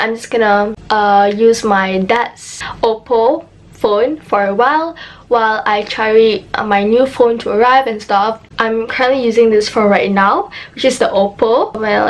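A young woman with a Malaysian accent chatting excitedly to camera in a casual vlog, mixing English and Malay phrases. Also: mid-range voice. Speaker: YouTuber.

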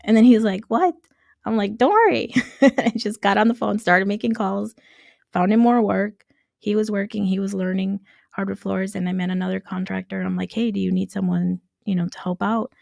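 A woman who grew up in Nicaragua, telling her story as a podcast guest, animated and laughing often as she acts out quoted dialogue. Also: mid-range voice, brisk, gravelly, no room sound, clean studio sound. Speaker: guest, construction entrepreneur. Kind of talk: casual storytelling interview.

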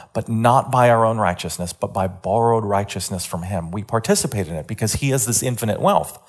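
A man giving a sermon-style lecture, earnest, often repeating words and pushing his voice up and louder to stress a point. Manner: earnest, builds emphasis with rising pitch and volume.

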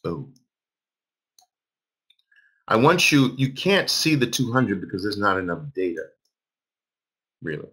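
A man's voice: on the low side, big pitch swings, unhurried, pauses often, fairly bright tone, slightly rough. A man in his fifties teaching a live trading class, emphatic, repeating phrases and quizzing his audience. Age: 50s. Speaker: trading instructor.

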